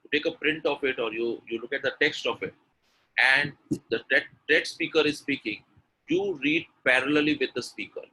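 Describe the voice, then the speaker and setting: A man's voice: mid-range voice, sing-song, normal speed, sharp tone, slightly rough, rough recording. A man teaching pronunciation in an online webinar, explaining patiently and acting out example sentences. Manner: explanatory, repeats example sentences with exaggerated intonation. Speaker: English pronunciation coach.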